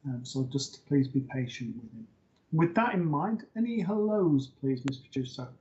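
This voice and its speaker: Male host, medium, chatty with fillers, higher voice, muffled stream audio. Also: moderate pace. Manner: relaxed, hesitant with fillers. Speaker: psychic medium hosting a live show. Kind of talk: live-stream host talk.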